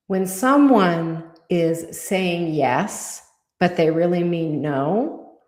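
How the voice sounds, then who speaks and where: Slow, calm woman channeling guidance. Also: sits low, reverberant. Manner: calm, measured, deliberate delivery when channeling. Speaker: podcast co-host, channeler.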